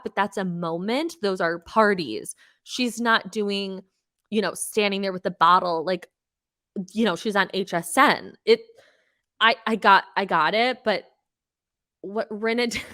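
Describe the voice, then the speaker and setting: A young woman hosting a pop culture podcast, recapping reality TV in an animated, gossipy way, swearing freely and full of fillers. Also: medium pitch. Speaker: podcast host.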